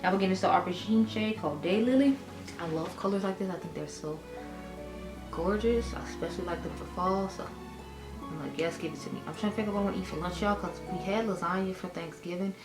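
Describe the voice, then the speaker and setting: A woman's voice: mid-range voice, quick pace. A woman, chatting casually through a makeup tutorial for her viewers, rambling and calling them y'all. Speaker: beauty vlogger. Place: room at home. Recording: echoey room with music behind.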